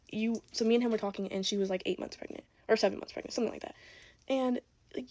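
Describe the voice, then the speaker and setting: A woman's voice: on the high side, fast. An eighteen-year-old woman telling a casual, exasperated storytime, quoting people in her own voice.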